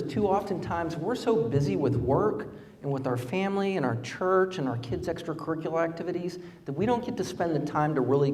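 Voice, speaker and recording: A middle-aged man giving a campaign speech at a fundraiser, impassioned, rising to emphatic peaks and dropping low and quiet. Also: recorded from a distance. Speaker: political candidate. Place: fundraiser event venue.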